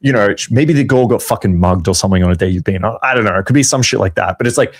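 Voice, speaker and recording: A man's voice: fairly low pitch, very fast. A man hosting a casual chat about dating, talking loosely, joking and swearing often. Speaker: dating coach host.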